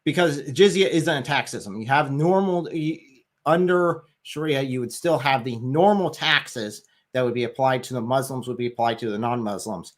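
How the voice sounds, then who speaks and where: Guy arguing his point on a live stream, pointed and emphatic, mid-pitched voice. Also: normal speed. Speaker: guest on a livestream discussion. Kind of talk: argumentative livestream discussion.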